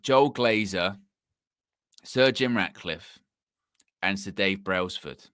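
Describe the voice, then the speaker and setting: Host, man, bright forceful tone, dry close sound, rambling livestream chat. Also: lowish voice, no room sound. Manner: rambling, animated, full of fillers and restarts. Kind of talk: casual live commentary.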